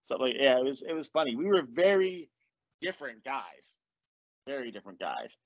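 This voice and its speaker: A middle-aged man hosting a podcast, telling stories in a casual, animated way, swearing freely and laughing often. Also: medium pitch, moderate pace, no echo. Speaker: podcast host. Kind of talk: casual storytelling chat. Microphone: podcast mic. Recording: dull lo-fi podcast audio.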